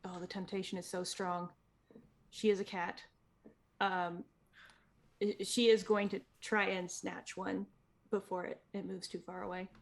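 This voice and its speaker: Gravelly-voiced woman playing a tabletop game. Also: medium pitch, flat delivery, unhurried, long pauses. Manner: hesitant, thinks aloud. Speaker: player. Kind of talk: casual tabletop play.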